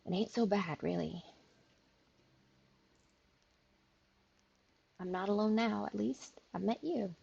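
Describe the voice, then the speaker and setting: A woman's voice: mid-range voice, normal speed, gravelly, mellow, slightly rough, dull audio. A woman voicing a lonely young woman gravedigger who is shy and eager to please. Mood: lonely, hopeful.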